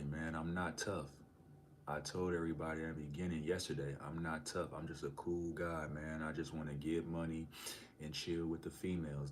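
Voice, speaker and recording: Chill guy on a live stream, deep voice, kinda monotone, slangy and relaxed. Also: a little hiss or hum. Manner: laid-back, slangy, reads comments aloud. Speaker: livestreamer reading chat. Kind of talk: casual live-stream chat.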